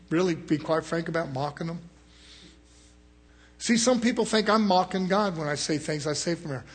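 A man preaching a sermon, swinging between loud rising exhortation and low murmured asides, acting out other people's words in quoted voices. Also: breathy edge.

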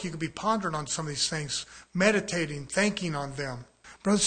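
A man preaching a fervent, folksy sermon, firing rhetorical questions at the congregation and building to loud emphasis. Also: high voice, husky. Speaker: pastor.

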